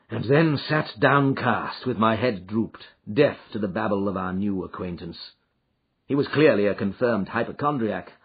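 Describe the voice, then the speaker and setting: Husky male audiobook narrator. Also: lowish voice. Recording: slightly muffled lo-fi audio.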